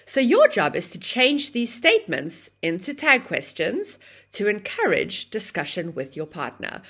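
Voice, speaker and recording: A woman teaching an online English grammar lesson, explaining with a lively, sing-song intonation. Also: mid-range voice.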